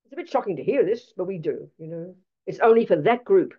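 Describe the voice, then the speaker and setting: Animated woman giving a Buddhist teaching. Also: lowish voice, fairly quick, highs cut off. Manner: animated, emphatic and blunt, with rhetorical questions.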